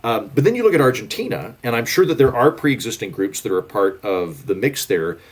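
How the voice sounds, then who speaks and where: A man's voice: on the low side, sing-song, fairly quick, husky. A man, a guest author talking in a casual podcast conversation, rambling with lots of "like" and restarts. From Oklahoma, United States. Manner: chatty, rambling, filler-heavy with "like" and restarts.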